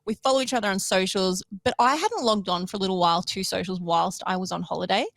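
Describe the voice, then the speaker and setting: A woman's voice: mid-range voice, fast, creaky, no echo. Woman, co-host, teasing storyteller, dry close sound. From Australia. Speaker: podcast co-host. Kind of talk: casual chat. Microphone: remote recording.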